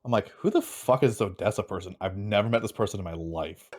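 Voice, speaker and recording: Low-voiced man in casual chat. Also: fast talker. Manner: relaxed, swearing, quotes himself in stories. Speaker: podcast co-host.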